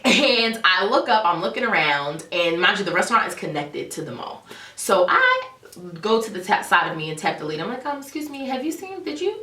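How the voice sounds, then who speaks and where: A young woman vlogger telling a dramatic story in a casual, animated way. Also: on the low side, fairly quick. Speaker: beauty vlogger. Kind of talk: storytime vlog. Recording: roomy echo, a bit far from the mic.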